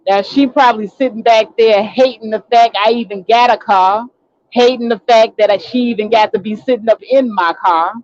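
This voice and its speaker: A woman's voice: on the high side, normal speed, darkish tone, no echo. Indignant woman ranting in a lo-fi recording. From Chicago. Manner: indignant, ranting storyteller who acts out quotes. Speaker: online talk show host. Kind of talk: casual storytelling monologue.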